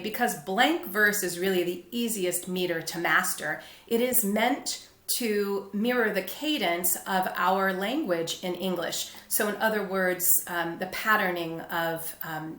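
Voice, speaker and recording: A woman teaching a literature lesson, explaining patiently and clearly. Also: mid-range voice, unhurried, a bit bright, reverberant. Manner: clear, patient explaining, with brief read-aloud quotes.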